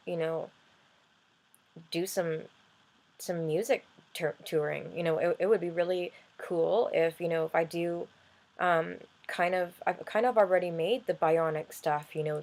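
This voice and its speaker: A woman talking earnestly in a personal vlog, halting and restarting often as she explains her life with a chronic illness. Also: low-pitched, steady tone, a little mellow, poor audio. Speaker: vlogger and music artist.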